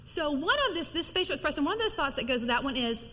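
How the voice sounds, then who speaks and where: A middle-aged woman preaching to women in a lively, conversational sermon, acting out little stories as she goes. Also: high voice, fast talker, long reverb tail, a little hiss or hum. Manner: lively, animated storytelling with acted-out quotes. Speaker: women's ministry speaker.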